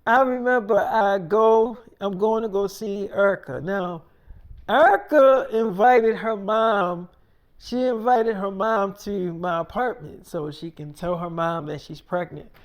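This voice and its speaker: A man's voice: high-pitched, a little slow. A man telling a long improvised story in a casual, profane way, retelling every exchange as "I'm like, she's like.". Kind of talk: rambling improvised spoken story.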